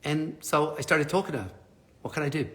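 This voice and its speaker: Man, fairly high and bright voice, lively live-stream storyteller with laughs and casual swearing. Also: brisk. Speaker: motivational speaker.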